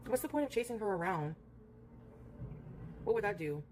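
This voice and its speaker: A woman's voice: medium pitch, big pitch swings, normal speed, darkish tone. Rambling woman streamer, faint room hum. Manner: rambling, many fillers, coos at her cat. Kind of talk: casual livestream chat.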